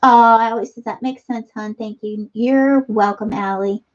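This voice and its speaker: Woman, middle-aged, fairly high voice, chatty craft stream host, reads comments aloud, dull lo-fi audio. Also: steady tone, unhurried. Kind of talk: casual chat reading viewer comments.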